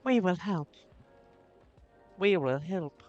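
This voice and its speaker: A man's voice: sits high, slow, dull audio, soft background music, voice pushed up. A man putting on an alien hive-mind voice. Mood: insistent. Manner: flat, formal, collective speech.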